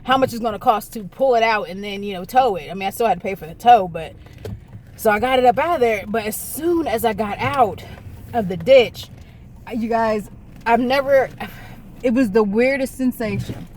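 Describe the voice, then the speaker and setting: A woman's voice: a little high, moderate pace, a little mellow, a little hiss or hum. A woman telling a casual storytime to her viewers, rambling and correcting herself as she goes. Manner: rambling, self-correcting, talks to viewers directly. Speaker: vlogger.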